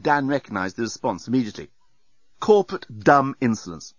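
A man narrating an audiobook in a wry, expressive storytelling manner, on a dry, slightly dull recording. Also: mid-range voice, a little fast, dry recording.

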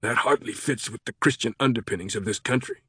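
A man's voice: medium pitch, fast talker, bright, forceful tone, husky, no echo, studio quality. A man voicing a stern, skeptical woman security director who speaks with sarcasm and makes demands.

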